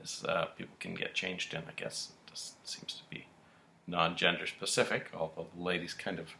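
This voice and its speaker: A man co-hosting a podcast, casually recapping soap-opera episodes in an animated storytelling way and acting out the characters' lines. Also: low voice, moderate pace, creaky, whispered. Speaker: podcast co-host.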